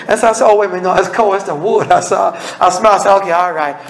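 Gravelly, high-pitched male preacher. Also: very fast, poor audio. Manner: folksy conversational preaching with acted-out dialogue; blunt, scolding, humorous. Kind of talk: evening sermon.

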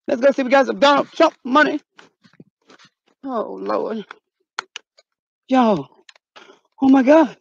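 A woman vlogging outdoors, excitable and dramatic, often shouting, in a dull lo-fi recording. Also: fairly high pitch, moderate pace, creaky, pauses often, breathy edge, dry recording. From North Carolina, US. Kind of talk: casual vlog. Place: outdoors in cold weather. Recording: dull lo-fi sound.

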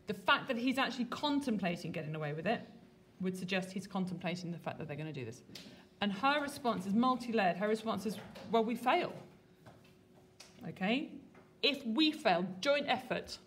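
A woman teaching a literature lesson to a classroom, lively and colloquial, putting questions to her students. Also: mid-range voice, brisk, few pauses, a little hiss or hum. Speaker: English teacher.

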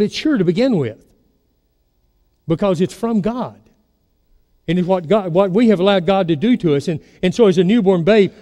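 A male pastor delivers a sermon to his church, often stopping to ask the congregation questions. His voice sits a little high and sounds mellow and soft-edged. The sanctuary adds a long reverb to every word. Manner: storytelling preacher, asks the congregation questions.

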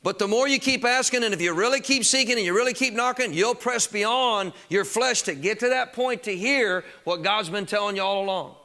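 Emphatic high-voiced preacher. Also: male voice, brisk, hardly any pauses. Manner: emphatic preaching, rising to shouts on key phrases; conversational asides to the congregation. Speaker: pastor. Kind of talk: sermon.

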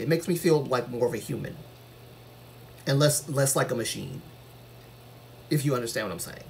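A man's voice: medium pitch, creaky, a little hiss or hum. A man talking casually to viewers on his live stream, earnest and rambling, with a voice that carries when he gets passionate.

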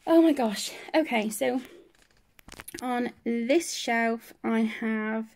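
Slow, gravelly-voiced chatty woman. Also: fairly high pitch, a little mellow. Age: adult. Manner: chatty, rambling, self-deprecating. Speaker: colouring channel host. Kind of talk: casual room-tour chat. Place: home colouring area.

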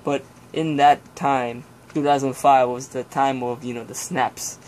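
A man's voice: mid-range voice, fairly even intonation, unhurried, a little mellow, slight background noise. A young man vlogging a casual, rambling review of a CD from his collection, swearing often and sighing and groaning as he talks. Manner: rambling, profane, with sighs and groans.

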